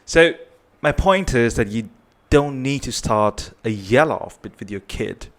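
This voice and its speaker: A man's voice: mid-range voice, expressive, a little slow, a bit bright. A man giving earnest parenting advice, often checking in with "right?". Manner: earnest, repetitive, tags points with "right?". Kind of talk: advice talk to camera.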